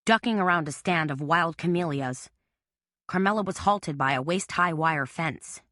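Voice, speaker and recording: A woman narrating a mystery audiobook in a steady, tense storytelling manner. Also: low-pitched, moderate pace, no room sound, clean studio sound. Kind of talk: scripted narration.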